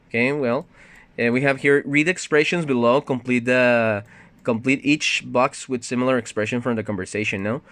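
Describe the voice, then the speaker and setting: A man teaches English in a recorded online lesson, guiding students patiently through each exercise. He often ends sentences with a questioning "no?" and reads textbook dialogues with livelier intonation. His voice sits at an ordinary pitch in a dry recording with almost no room sound. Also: fairly bright tone, smooth, dry recording. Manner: explains step by step, often adds a questioning "no?".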